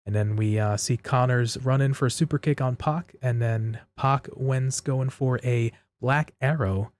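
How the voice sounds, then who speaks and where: A man's voice: medium pitch, fairly even intonation, measured pace, darkish tone. A man co-hosting a wrestling podcast, recapping matches casually and steadily, step by step. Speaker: podcast co-host.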